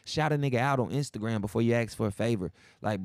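Talking fast at a medium pitch with a darkish tone, a man hosts a podcast on his own. The studio sound is dry with no room noise, and he spins loose, profane, slang-filled stories, playing out the people in them.

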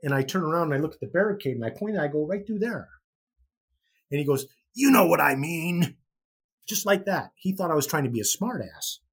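A man's voice: on the high side, very fast, few pauses, husky. A middle-aged man from Chicago, a podcast guest, telling a story in casual chat and acting out the voices of people he quotes. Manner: animated, acts out quoted voices.

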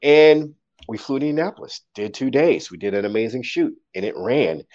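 Male poet guest, lively casual storyteller, swears freely, mid-pitched voice, muffled lo-fi sound. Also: brisk. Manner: animated, acts out quotes, swears casually.

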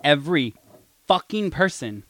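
A man co-hosting a podcast, a streamer talking in relaxed, profane casual chat. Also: a little high, measured pace. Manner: relaxed, profane, acts out quotes.

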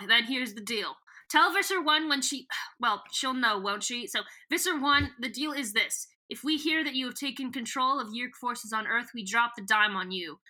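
A woman's voice: fairly high pitch, sharp tone. A young adult woman co-hosting a casual podcast, chatting through a book's plot, giggling often and reading the characters' lines aloud in a loose storytelling way. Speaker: podcast co-host. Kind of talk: casual chat retelling a book.

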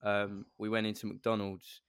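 A man's voice: on the low side, measured pace, clear, resonant tone, dry recording, studio quality. Man telling a rambling story. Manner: rambling, animated anecdote with quoted voices. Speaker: podcast co-host. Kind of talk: casual chat, storytelling.

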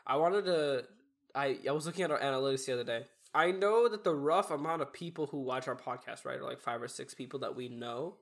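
Congested, raspy young man podcasting. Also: mid-range voice, fairly quick. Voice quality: raspy, nasal. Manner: rambling, easygoing. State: congested from a cold or allergies. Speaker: podcast co-host. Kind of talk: casual chat.

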